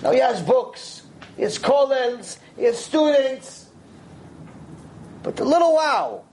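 A man teaching a Torah lecture, telling stories in an animated way and sprinkling in Hebrew terms and "you know". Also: very high-pitched, slow, slight background noise, poor audio. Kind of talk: lecture with storytelling.

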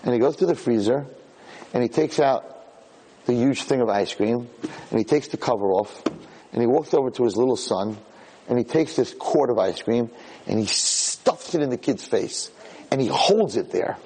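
A man, a rabbi, giving a lecture as an animated storyteller who acts out voices. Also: medium pitch, normal speed, breathy edge.

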